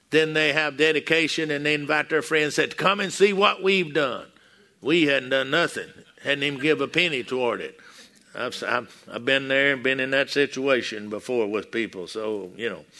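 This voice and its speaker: A man's voice: mid-range voice, vocal fry, bright, forceful tone. An older man from Texas with a Texan accent, preaching a sermon as a pastor in a folksy storytelling way, acting out the quotes.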